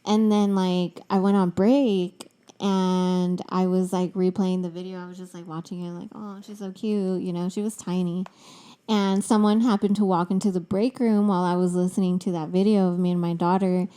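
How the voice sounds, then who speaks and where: A woman in her thirties chatting casually on a podcast. Her voice is mellow and dark-toned, and her delivery is relaxed and lazy, as if she is half asleep. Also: lowish voice, moderate pace, clear, resonant tone. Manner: laid-back, drowsy-sounding delivery. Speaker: podcast co-host. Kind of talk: casual chat.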